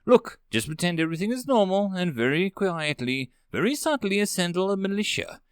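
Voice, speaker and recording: A man voicing a stern, commanding woman marshal who gives quick orders, with a lively swing in his pitch and a dry, close sound. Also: smooth, no room sound. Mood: urgent.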